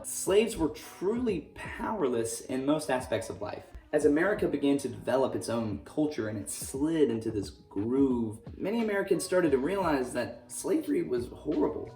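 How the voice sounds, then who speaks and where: A man's voice: mid-range voice, warm tone. A man teaching a casual history lesson, full of jokey, sarcastic asides. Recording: roomy echo, distant mic, faint music.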